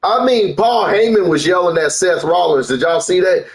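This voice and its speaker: A man's voice: high voice, animated, normal speed, rough recording. A young man hosting a casual live stream, talking loosely with slang and swinging his voice up and down.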